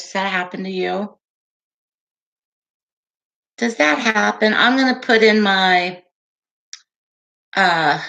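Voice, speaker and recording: A woman hosts a casual livestream, chatting with viewers, laughing often and responding to their comments. Her mid-range voice sounds pushed and bright.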